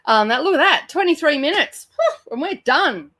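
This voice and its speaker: A woman's voice: high-pitched, animated, normal speed, sharp tone. Chatty Australian woman hosting a stream. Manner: chatty, reads out viewer comments, laughs often. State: sluggish and tired. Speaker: channel host running a reading sprint livestream. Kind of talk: casual livestream chat. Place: home room by her bookshelves.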